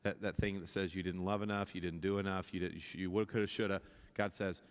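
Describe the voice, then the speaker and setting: Casting: male pastor, lowish voice, passionate sermon delivery, long church-hall reverb. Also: little pitch movement, fast, few pauses, clear, resonant tone. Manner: impassioned, rising in pitch and volume at climaxes, many restarts. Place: church sanctuary.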